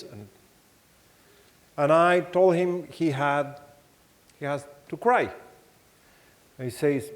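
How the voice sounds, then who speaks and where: A man with a Mexican accent giving a keynote talk, telling anecdotes in a halting way with many restarts and acting out the voices he quotes. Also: on the high side. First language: Spanish. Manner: animated storytelling, acts out quoted voices. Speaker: keynote speaker. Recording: long hall reverb.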